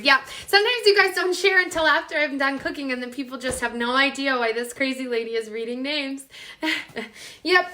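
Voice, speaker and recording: A woman's voice: high-pitched, sharp tone, a little hiss or hum. A woman hosting a live cooking stream from her home kitchen, chatting casually, reading out viewers' names and talking to herself as she cooks.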